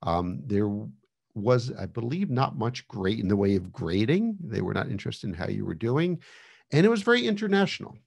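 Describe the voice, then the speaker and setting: A man's voice: mid-range voice, very animated, normal speed, creaky, slightly rough. A man giving a casual online lecture over a video call, chatty, with many fillers and restarts.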